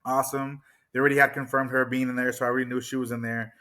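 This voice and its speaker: A man co-hosting a casual movie discussion, talking in an excited, rambling way and swearing freely. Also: medium pitch, racing. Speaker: podcast co-host.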